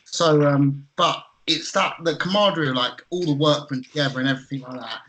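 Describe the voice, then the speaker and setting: A man's voice: a little high, steady tone, brisk, a bit bright, rough recording. A man co-hosting a casual podcast chat, reminiscing in an easygoing way. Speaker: podcast co-host.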